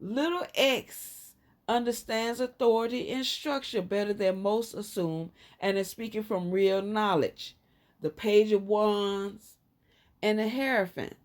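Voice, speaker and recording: A woman with a Southern US accent talks through a tarot reading in an unhurried, drawn-out way. Her voice sits in an ordinary middle range, but she keeps jumping sharply higher and louder to hammer a point home, then settles back. The delivery is loose, emphatic and rambling. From Southern United States. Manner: emphatic, rambling, frequent sudden jumps up in pitch and loudness. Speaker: tarot reader. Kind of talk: casual tarot reading commentary.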